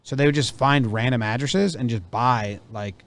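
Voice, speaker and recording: Guy reading out news stories and rambling on, normal pitch, chatty. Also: moderate pace. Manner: rambling, self-correcting storyteller. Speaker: co-host.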